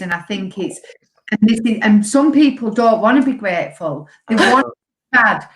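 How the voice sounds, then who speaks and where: A woman's voice: medium pitch, animated, normal speed. Woman, earnest, cheerful, roomy echo. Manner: earnest and upbeat, laughs easily. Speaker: podcast guest, co-founder. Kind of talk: casual podcast chat.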